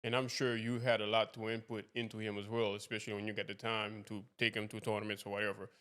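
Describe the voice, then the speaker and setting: A man's voice: fairly low pitch, flat delivery, fast, pushed and bright. A man hosting a podcast interview, asking long rambling questions that loop back and restart. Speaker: podcast host. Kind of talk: casual interview.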